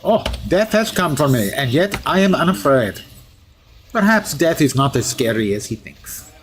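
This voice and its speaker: A man's voice: on the high side, sing-song, moderate pace, a little hiss or hum. A man putting on a mock Russian accent to voice a boastful steel-skinned male mutant hero, speaking in formal, article-dropping phrases during in-character game commentary. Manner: formal, article-dropping, grandly self-praising.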